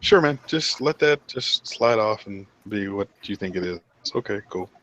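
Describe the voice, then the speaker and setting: A man ranting in a relaxed group conversation. He swears freely and keeps saying dude. His pitch leaps high whenever something annoys him, then drops back to a lower, easy tone. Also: normal speed. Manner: animated, heavy swearing, says dude a lot. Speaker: podcast host. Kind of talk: casual group chat.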